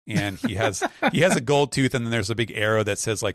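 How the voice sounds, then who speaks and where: Low-voiced man in rambling podcast chat. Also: moderate pace, no echo, clean studio sound. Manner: rambling, filler-heavy description with acted quotes. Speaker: podcast panelist. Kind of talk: casual chat.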